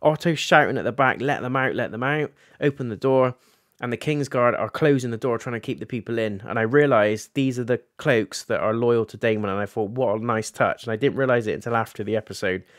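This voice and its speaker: A man chats through a TV episode recap, voicing characters' lines as he goes. His voice sits at an ordinary middle pitch, and the sound is dry and close. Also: fast, few pauses, no echo. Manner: animated, recaps scenes and acts out characters' lines. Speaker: TV reviewer. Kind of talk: casual episode review.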